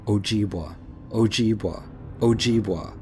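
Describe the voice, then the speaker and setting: A male narrator voicing a menacing skeletal wendigo creature that chants slowly in a low voice. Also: a little mellow, slight background noise, lightly acted. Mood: eerie chanting.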